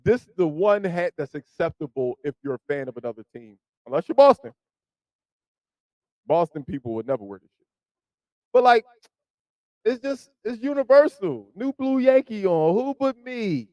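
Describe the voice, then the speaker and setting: A man hosting a podcast, chatting casually about football and swinging from low mutters to loud emphasis. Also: very animated, normal speed, pauses often, no echo, low-quality recording. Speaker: podcast host. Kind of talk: casual sports chat.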